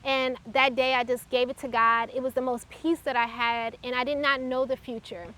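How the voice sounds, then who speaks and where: Woman, high pitch, bright tone, earnest faith testimony, halting reflective delivery. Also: little pitch movement. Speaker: testimony speaker.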